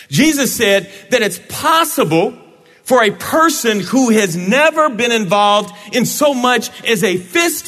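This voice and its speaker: A male pastor delivering a sermon in a church sanctuary, playful and animated as he jokes with his people. His voice sits fairly high and swings widely up and down. A long hall reverb trails every phrase. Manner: playful, animated, joking with the congregation.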